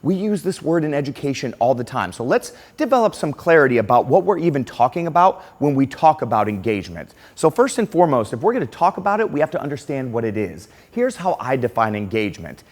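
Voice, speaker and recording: A man's voice: fast, hardly any pauses. A middle-aged man giving a conference keynote, telling a classroom story and acting out the quotes. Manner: animated, acts out quotes with lively pitch swings. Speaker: keynote speaker.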